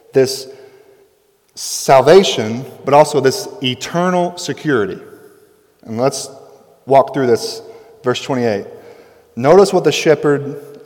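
A male pastor in his thirties delivering a sermon with emphatic, building intensity, drawing out key words for weight. His voice sits at an ordinary mid pitch. The sound carries a long reverb, like a large sanctuary. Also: darkish tone.

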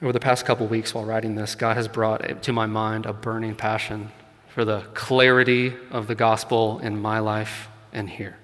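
With little pitch movement, a man with a fairly low, slightly bright voice preaches at normal speed. The long reverb of a church hall surrounds his earnest, conversational sermon, which includes light laughs and rising emphasis on key ideas.

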